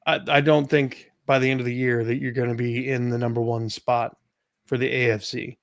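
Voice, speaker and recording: A man hosting a casual panel podcast, calling his own voice monotone. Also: medium pitch, normal speed, no echo, studio quality. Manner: self-described monotone voice. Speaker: podcast host.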